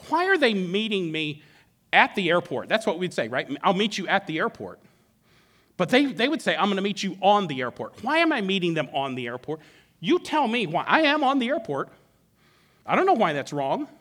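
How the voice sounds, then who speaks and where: Middle-aged male preacher, playful storyteller, high and very expressive. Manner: animated, playful storytelling with frequent restarts. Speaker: pastor. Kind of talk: sermon.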